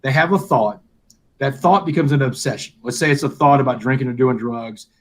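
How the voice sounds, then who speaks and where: A man's voice: mid-range voice, brisk. A middle-aged man, a guest in a live interview, telling a personal story and acting out the dialogue. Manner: animated storyteller, acts out quoted dialogue.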